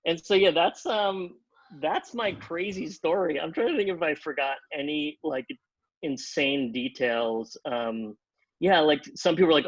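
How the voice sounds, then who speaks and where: A man telling a long anecdote on a podcast, animated, acting out the other people in pitched-up voices and leaning on "like" as he talks. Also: a little slow, dry recording, dull audio. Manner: animated, acts out quotes in pitched-up voices, many "like" fillers. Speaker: podcast guest, TV comedy writer. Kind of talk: casual storytelling.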